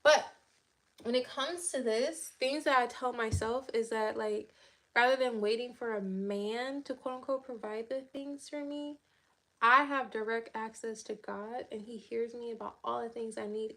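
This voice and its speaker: Chatty woman livestreaming, slightly high voice. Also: fairly bright tone. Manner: chatty, filler-heavy and upbeat, talking straight to viewers. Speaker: livestream host. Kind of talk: casual livestream chat.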